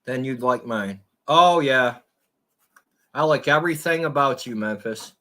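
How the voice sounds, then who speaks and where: A man's voice: mid-range voice, unhurried, sharp tone. A man live streaming and chatting casually with his viewers, rambling in a crude and profane way.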